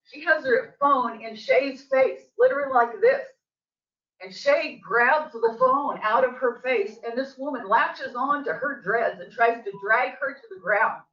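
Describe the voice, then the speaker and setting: A woman's voice: sits high, expressive, a little slow. Agitated older woman in an echoey hall. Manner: agitated, emphatic storytelling, voice rising toward the end. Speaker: local resident giving public comment. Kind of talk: public comment at a board meeting. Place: district office meeting room. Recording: distant, echoey, dull meeting-room audio.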